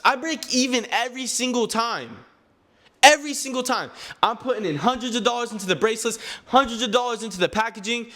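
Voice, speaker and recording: Speaking straight to his viewers, a nineteen-year-old vlogger who owns a clothing brand delivers an earnest, somewhat preachy motivational message grounded in faith. His noticeably high voice has a sharp tone, and he frequently trips over words and starts sentences again.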